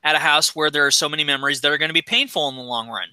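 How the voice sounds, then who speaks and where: A man's voice: on the high side, racing, sharp tone, smooth, dry recording. A middle-aged man in casual chat on a podcast, ranting with a lot of swearing. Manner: profane, ranting. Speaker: podcast co-host. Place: recording studio.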